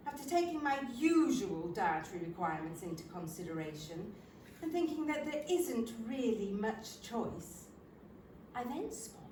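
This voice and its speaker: An older woman tells a wry, self-deprecating story on a theatre stage. Her delivery is slow and highly animated, pitched a little high. The sound is distant and echoey, with faint room noise. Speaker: stage actor performing a monologue. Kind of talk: theatrical comic monologue. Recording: roomy theatre, from a distant mic.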